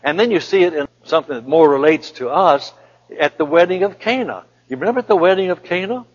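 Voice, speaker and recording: A male preacher delivers an emphatic sermon, reading scripture aloud and repeating his phrases slowly for weight. His voice sits a bit high and sounds husky. The recording is dull and lo-fi, with a long reverb from a large hall. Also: expressive.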